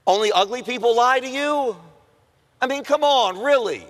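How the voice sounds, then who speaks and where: A man's voice: very high-pitched, normal speed, fairly bright tone. A man preaching a sermon to students in a conversational, humorous way, acting out the voices of people in the story. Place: chapel or auditorium at a Christian school. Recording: long hall reverb.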